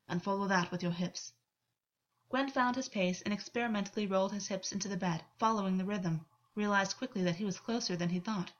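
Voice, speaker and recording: Woman narrating fiction, lo-fi recording. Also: medium pitch. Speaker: audiobook narrator.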